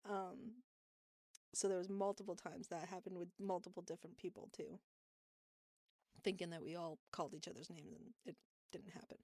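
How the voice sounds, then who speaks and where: A woman's voice: lowish voice, steady tone, moderate pace, warm tone, breathy edge, no echo, clean studio sound. A young woman co-hosting a podcast, telling a workplace story in a rambling way with fillers and laughs. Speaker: podcast co-host. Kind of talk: casual storytelling chat.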